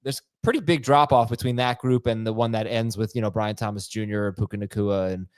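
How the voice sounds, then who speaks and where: A man's voice: on the low side, steady tone, brisk, smooth, no echo. Joking male podcast host, dry sound. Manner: joking, reads listener emails aloud. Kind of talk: casual chat.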